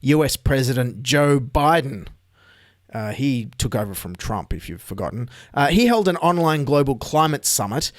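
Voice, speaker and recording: A man's voice: mid-range voice, sing-song, normal speed, dry recording, clean studio sound. An Australian man hosting a comedic news podcast, delivering sarcastic, mocking commentary. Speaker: podcast host.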